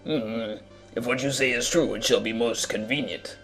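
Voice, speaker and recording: A man voicing a scheming male villain vizier in a fan reading of a game scene, speaking low and quiet. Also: steady tone, normal speed, soft background music, natural voice.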